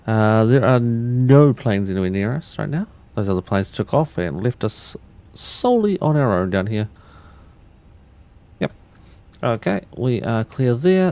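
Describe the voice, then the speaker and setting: A medium-pitched, mellow-voiced man gives casual livestream commentary as he talks through cockpit steps. He chats loosely with his viewers and often begins his sentences again.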